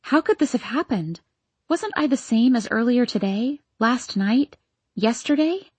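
A woman narrating a novel in the first person, in a hushed, searching and anxious tone, close to the mic. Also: a little high, expressive, measured pace, breathy edge, dry recording. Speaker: audiobook narrator.

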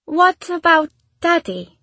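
A man's voice: extremely high pitch, very animated, takes it slowly, bright, forceful tone, no echo, pitched above the performer's own voice, full character voice. A man voicing a hungry, curious eight-year-old girl who asks plaintive questions in an audiobook. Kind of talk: audiobook character voice.

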